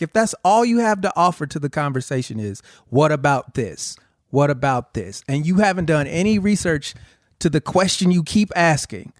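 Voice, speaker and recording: A man's voice: on the high side, no room sound, clean studio sound. A man co-hosting a podcast who rants heatedly in casual chat. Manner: heated, ranting. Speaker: podcast co-host.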